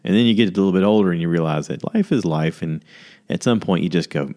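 Man, very deep voice, chatty solo podcast host, acts out quotes in goofy high voices. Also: expressive, brisk, warm tone. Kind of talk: casual solo podcast monologue.

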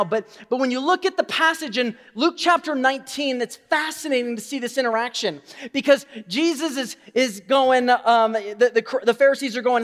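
A male pastor preaching a sermon, swinging from quiet asides to loud, emphatic declarations. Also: extremely high pitch, moderate pace, long reverb tail.

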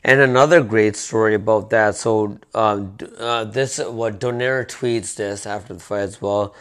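Man, casual boxing chat, relaxed, rambling, restarts often. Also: lowish voice, unhurried, clear, resonant tone. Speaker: podcast co-host.

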